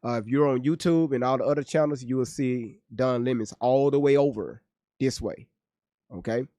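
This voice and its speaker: A man's voice: mid-range voice, moderate pace, warm tone, dry recording. A man hosting a casual livestream, joking and cursing as he reads viewers' chat aloud. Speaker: livestream host reacting to news.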